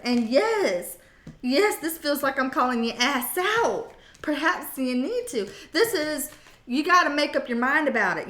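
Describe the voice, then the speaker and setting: A woman's voice: high voice, fairly bright tone, roomy sound. Sassy, blunt woman reading tarot. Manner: blunt, sassy and playfully profane. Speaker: tarot reader.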